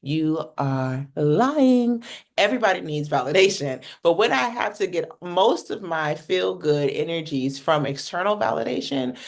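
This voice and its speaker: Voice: medium pitch, lively intonation, moderate pace, gravelly, few pauses. A communication coach from North America giving a workshop teaching talk in a casual, blunt manner, swearing freely and often checking in with "right?".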